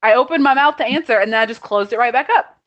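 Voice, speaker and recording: A woman's voice: fairly high pitch, fast, fairly bright tone. A woman co-hosting a casual chat over a video call, ranting in an exasperated way with lots of quoted asides. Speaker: podcast co-host. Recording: muffled video call audio.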